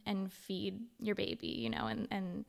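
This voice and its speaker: Young woman with vocal fry, chatty. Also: medium pitch, big pitch swings, a little slow. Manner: chatty and candid, with frequent fillers. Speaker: podcast guest, mother and blogger. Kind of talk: casual interview answers.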